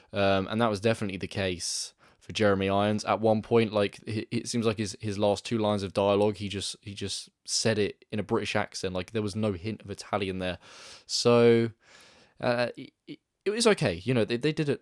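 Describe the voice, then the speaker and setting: A man's voice: on the low side, no echo, clean studio sound. A man talking through a movie review in a casual, rambling way, often correcting himself mid-sentence. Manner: chatty, rambling, frequent self-corrections. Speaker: film reviewer.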